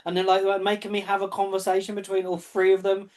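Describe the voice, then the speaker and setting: Halting man running a tabletop game. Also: sits high, monotone, darkish tone. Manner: halting, restarts often.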